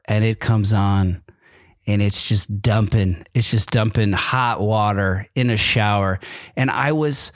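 Speaking at medium pitch, this podcast host rambles casually through a personal story, stumbling over fillers and restarting often. His voice is captured dry and clean through a microphone with camera, with studio sound.

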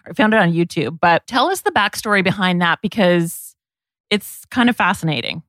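A woman's voice: lowish voice, expressive, moderate pace, fairly bright tone, dry recording, clean studio sound. A woman hosting a podcast, playful and enthusiastic as she sets up questions for her guest. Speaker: podcast host. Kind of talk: casual interview talk.

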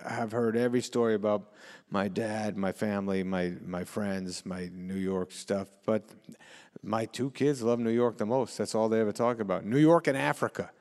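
A middle-aged man chats loosely as an interview guest, laughing a lot and repeating himself as he goes. His voice is low and gravelly. A long hall reverb trails behind him. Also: a little mellow. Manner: laid-back, laughs often, repeats words, slips into quick impressions. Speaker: actor and comedian guest. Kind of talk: casual interview chat.

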